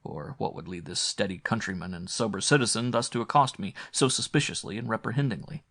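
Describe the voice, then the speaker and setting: A man narrating a horror audiobook with a low, gravelly voice. His reading is measured and brooding, with scripted pacing. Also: a bit bright, no room sound, studio quality.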